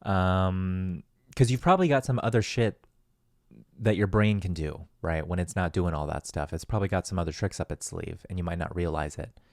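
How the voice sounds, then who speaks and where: This podcast host has a low, darkish voice and talks at a normal speed, captured in clean studio sound with no echo. He's doing a casual solo monologue, loose and rambling, swearing and poking fun at himself.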